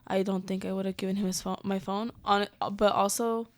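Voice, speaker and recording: A woman's voice: medium pitch, level tone, a little fast. A woman guesting on a podcast as the host's mother, chatting casually, laughing along and reacting briefly. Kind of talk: casual chat.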